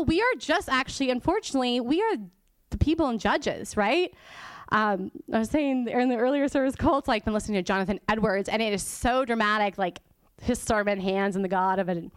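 A woman's voice: fairly high pitch, normal speed, smooth, dry recording. Chatty woman preaching a sermon. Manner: chatty and informal, laughs often, drops to a whisper for emphasis. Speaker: guest church teacher. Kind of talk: conversational sermon.

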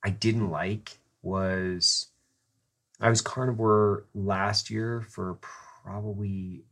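A man hosting a podcast, chatting in an easygoing, profane way and chiming in with quick agreement. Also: on the low side, fairly even intonation, fairly bright tone. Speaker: podcast host. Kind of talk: casual chat.

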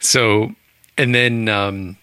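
A man's voice: lowish voice, fairly even intonation, drawn-out words, bright, forceful tone, smooth, no echo, studio quality. A man casually discussing a book on a podcast, rambling and chatty with frequent laughs. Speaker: book club podcast co-host.

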